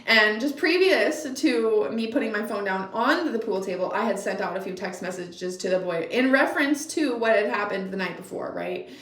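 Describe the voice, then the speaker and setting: A woman's voice: mid-range voice, normal speed, hardly any pauses, recorded from a distance. Foul-mouthed young woman telling a story, roomy sound. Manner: blunt, swearing freely, animated. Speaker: vlogger. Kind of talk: casual storytime.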